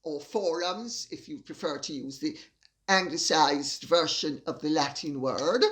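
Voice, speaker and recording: An older woman delivering an indignant opinion monologue as a commentator, with emphatic, deliberate stresses. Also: sits low, a bit bright.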